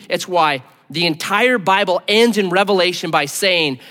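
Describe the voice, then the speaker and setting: Animated high-voiced male preacher. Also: normal speed, long reverb tail. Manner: animated, conversational preaching with dramatic drops to near-whisper. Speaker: pastor. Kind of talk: sermon.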